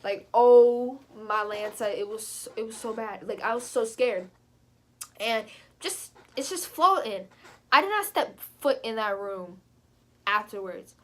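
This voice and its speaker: A young woman vlogger with a fairly high voice tells a personal tale in a loose, chatty way, full of fillers. She gets animated and leaps up in pitch whenever she quotes herself. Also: measured pace. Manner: animated, jumps high when quoting herself. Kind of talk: casual storytime.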